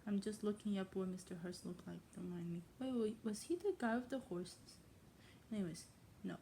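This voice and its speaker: A woman's voice: medium pitch, moderate pace, warm tone, a little hiss or hum. A woman casually reading a novel aloud in a mock English accent, stumbling over old words and stopping to question how they are pronounced. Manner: playfully attempts a put-on English accent. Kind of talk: casual read-aloud with asides.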